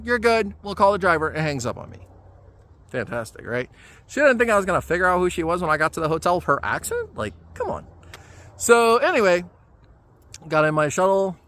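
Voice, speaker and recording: A man telling a travel story in a casual vlog, animated and exasperated, with many fillers. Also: a little high. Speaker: travel vlogger.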